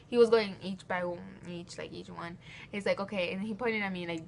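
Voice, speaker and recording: A woman's voice: fairly low pitch, fairly even intonation, moderate pace, slight background noise. A teenage girl telling a story to camera in a casual, rambling way, often restarting sentences and giggling as she goes. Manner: giggly, laughs mid-sentence. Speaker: vlogger.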